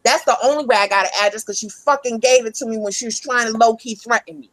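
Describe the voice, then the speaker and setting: Furious profane woman ranting, high voice. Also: fast, fairly bright tone, no room sound, poor audio. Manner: angry, profane, emphatic, repeats herself. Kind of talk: heated ranting.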